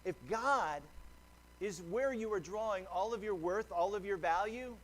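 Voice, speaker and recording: A man's voice: high voice, unhurried, a bit bright. A man preaching a sermon as pastor, earnest and conversational, often restarting a phrase. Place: church sanctuary.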